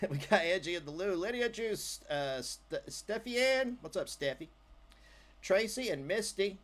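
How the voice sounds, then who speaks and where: A man hosting a casual livestream, joking and chatting loosely with his viewers. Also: on the high side. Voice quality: animated, jokey, trails off into asides. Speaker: livestream host.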